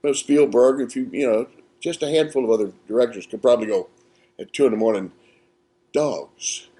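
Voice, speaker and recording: Animated man telling set stories. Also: mid-range voice, fast. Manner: animated, acts out quotes with laughter. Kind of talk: casual anecdotal storytelling. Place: small theatre, live podcast.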